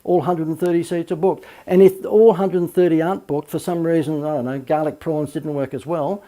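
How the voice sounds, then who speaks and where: A man, a marketing coach, giving a recorded course lecture full of lively anecdotes and emphatic asides. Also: fairly high pitch, brisk.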